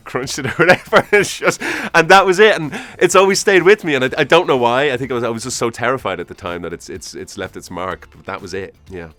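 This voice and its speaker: A man's voice: mid-range voice, fairly bright tone. A man in his forties, an actor answering interview prompts in a chatty, self-deprecating way, laughing at himself as he rambles through memories.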